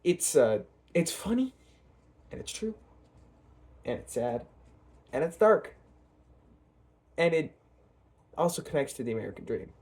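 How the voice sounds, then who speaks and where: A man's voice: fairly high pitch, very animated, measured pace, long pauses, a little mellow. A young man hosting his own channel, talking casually at home in a rambling, hesitant way with many fillers and restarts. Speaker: channel host. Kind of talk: casual vlog commentary.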